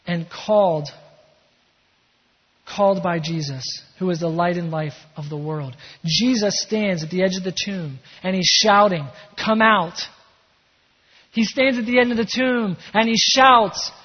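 A man preaching a sermon as pastor. He delivers it with emphatic energy and quieter reflective passages. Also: high-pitched, slightly rough. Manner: emphatic preaching with shifts between energy and hushed calm. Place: church sanctuary. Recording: dull sound in a reverberant hall.

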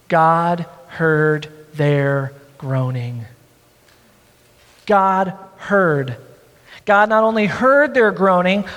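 Man, pastor, sermon, high voice, long reverb, scripture reading, call-and-response.

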